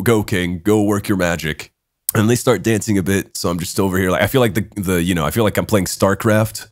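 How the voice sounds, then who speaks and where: A young man hosting a podcast, telling a story in casual chat, animated, swearing a lot and laughing as he talks. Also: sits low, no echo, studio quality. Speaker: podcast host.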